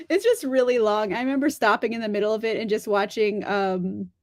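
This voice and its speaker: A woman's voice: fairly high pitch, moderate pace, darkish tone, no echo, clean studio sound. A young woman chatting casually on a live stream about books, laughing often and speaking bluntly. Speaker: book streamer answering chat.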